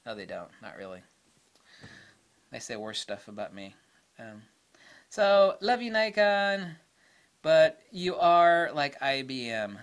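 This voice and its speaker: A man's voice: on the high side, sing-song, slow pace, pauses often. A man ranting to camera in a casual, blunt way, opinionated and laughing at his own jokes. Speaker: camera vlogger.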